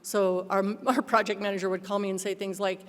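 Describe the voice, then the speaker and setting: A middle-aged woman giving a personal testimony speech as a guest speaker, telling her story in a lively way and acting out what others said. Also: medium pitch, brisk. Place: large banquet hall. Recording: long hall reverb.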